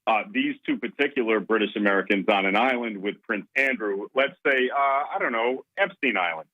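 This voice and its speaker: A man's voice: on the low side, lively intonation, brisk, sharp tone, highs cut off. A man calling in to a radio show, joking sarcastically and crudely. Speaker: caller. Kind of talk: call-in radio comment. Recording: caller audio through radio broadcast.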